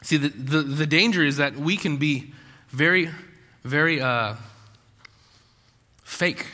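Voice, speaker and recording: A man's voice: fairly high pitch, slow pace, pushed and bright. A man preaching a sermon in a conversational way, full of rhetorical questions and acted-out quotes. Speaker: pastor. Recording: long hall reverb.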